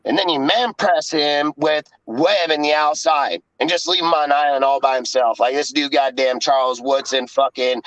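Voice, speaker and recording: A man's voice: on the high side, steady tone, moderate pace, few pauses, a bit bright, no room sound. A man ranting profanely and in exasperation about a football game in casual sports talk. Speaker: podcast co-host. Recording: dull dry lo-fi sound.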